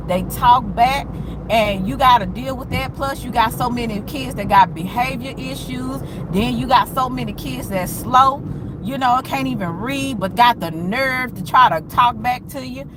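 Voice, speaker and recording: A woman teacher telling a story to viewers in a blunt, animated way, with slang and cursing. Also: medium pitch, background noise. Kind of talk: casual storytelling rant to viewers.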